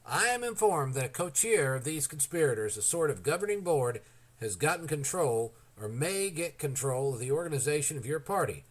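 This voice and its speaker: A man reading the lines of a weary, grave aging president in an audiobook of a historical novel, in an earnest, measured way. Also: a little high, very animated.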